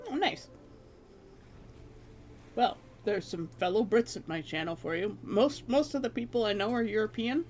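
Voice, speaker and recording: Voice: medium pitch, moderate pace, long pauses, a little mellow, slight background noise. A livestreamer from Canada, casually chatting with viewers in a rambling, joking way and swearing offhandedly.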